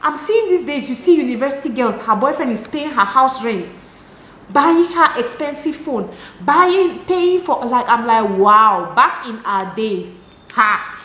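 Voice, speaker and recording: A young Cameroonian woman with a Cameroonian accent, chatting to camera in an animated, exasperated way. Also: sits high, a little slow. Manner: animated, talks with her hands, rhetorical and exasperated. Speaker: lifestyle vlogger. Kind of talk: casual chat to camera. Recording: echoey room.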